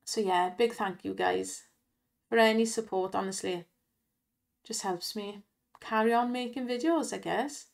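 A woman, chatty and excitable, giving casual commentary to viewers over slot play and laughing often. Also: medium pitch, measured pace, creaky. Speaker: slot gaming channel host. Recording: music loud behind voice.

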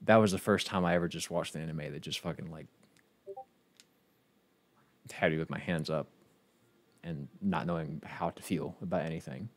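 A man giving casual, profane and excitable commentary while streaming a video game, often restarting his sentences. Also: very deep voice, moderate pace, long pauses, no room sound. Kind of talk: casual let's-play commentary.

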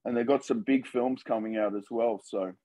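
A man, a filmmaker guest, chatting casually and telling animated stories in an interview. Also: medium pitch, normal speed, poor audio.

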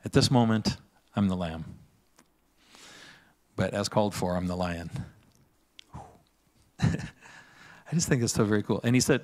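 A man preaching a sermon in a church, with a fairly low voice. He talks in a loose, conversational way, often checking in with "right?" and breaking into laughs. His delivery feels like easy chat with the congregation rather than a formal address. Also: slow, pauses often, darkish tone. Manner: casual and chatty, often asks "right?" and laughs. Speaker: pastor.

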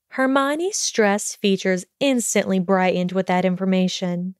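A woman narrating a fantasy fan-fiction audiobook in a steady storytelling manner, on a close mic. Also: mid-range voice, measured pace, few pauses, smooth, no echo. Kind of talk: scripted narration.

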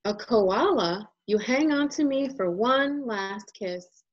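A woman reads a children's storybook aloud in an unhurried, gently expressive way. Her voice swings up and down with lively melody. The recording sounds a little dull and lo-fi. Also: a little high. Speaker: picture book illustrator reading aloud.

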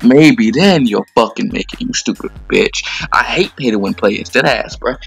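A man's voice: mid-range voice, expressive, normal speed, creaky, slightly rough, faint music behind. A young man giving heated, profane commentary over his own gameplay video, ranting with lots of slang.

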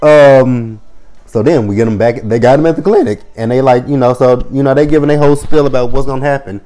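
A man's voice: mid-range voice, brisk, mellow. A man in his thirties casually recapping a TV episode, swearing freely and acting out the characters' lines. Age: 30s. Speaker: TV episode reviewer.

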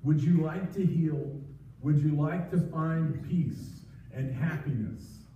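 A man's voice: a little high, slow pace, mellow, slight background noise. A man preaching a sermon as pastor, earnest and pleading, with frequent restarts. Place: church sanctuary. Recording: distant, echoey, muffled livestream audio.

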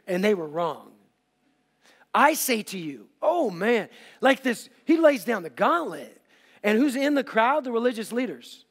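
Male pastor, middle-aged, high voice, lively sermon delivery with playful asides, church hall reverb. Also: normal speed. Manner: energetic, joking asides to the congregation. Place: large church auditorium.

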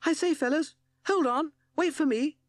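A man's voice: very high voice, normal speed, no room sound, pitched above the performer's own voice. A man voicing a timid little male toad in a children's storybook reading, with piping, plaintive calls. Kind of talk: storybook character voice.

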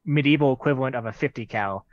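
A man at a tabletop game talks brashly, joking and cursing. His mid-pitched voice comes through a dull, lo-fi mic with a dry, close sound. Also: quick pace, dry recording. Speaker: player. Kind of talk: casual tabletop game chat.

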